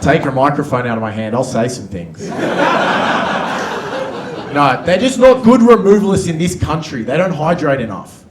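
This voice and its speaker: A man's voice: fairly high pitch, very animated, moderate pace, long pauses. A man doing stand-up comedy with dry, sarcastic storytelling. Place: comedy club stage. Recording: echoey club, distant mic, noise.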